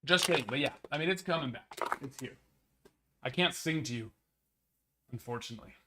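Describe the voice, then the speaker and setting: A man hosting a card break livestream, slightly raspy and hoarse as he recovers from a cold, chatting and teasing playfully. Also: mid-range voice, brisk, noisy background. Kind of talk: casual livestream chat.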